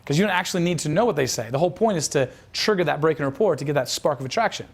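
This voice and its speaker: A man delivers a quick, rambling lesson as a dating coach. His voice sits a little high, and he often restarts his sentences and acts out quoted lines. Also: lively intonation, slightly rough. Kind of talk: instructional talk.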